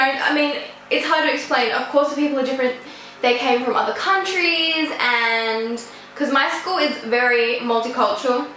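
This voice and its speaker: A woman's voice: high-pitched, sharp tone, slight background noise. A teenage girl, telling a story in a chatty, rambling way full of fillers. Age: teens. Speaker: vlogger. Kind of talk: casual storytime. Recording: echoey room.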